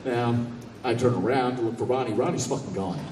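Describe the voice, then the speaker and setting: A man telling a comic story on stage in a convention hall, animated, profane and laughing. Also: mid-range voice, fairly quick, very noisy. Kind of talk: stand-up storytelling. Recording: echoey hall from far off.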